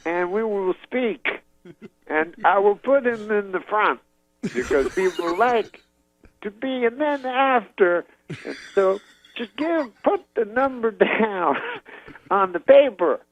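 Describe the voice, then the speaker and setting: A man's voice: sits high, animated, takes it slowly, no echo, voice pushed up, heavily acted, low-quality recording. A man impersonating a grand old comedian in broken phrases. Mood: grandly generous. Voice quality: speaks in broken half-sentences. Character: famous older male comedian, halting, fragmented, grand.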